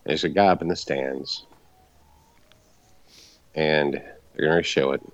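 A man's voice: rumbling low, takes it slowly, no echo, dull audio. A man co-hosting a podcast in casual chat, laughing and swearing freely. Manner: lively, swearing, laughing often. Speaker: podcast co-host.

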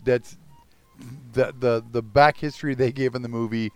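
A man's voice: medium pitch, steady tone, moderate pace, smooth, no echo, soft background music. A man co-hosting a podcast in casual chat, emphatic and opinionated with frequent swearing. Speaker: podcast co-host.

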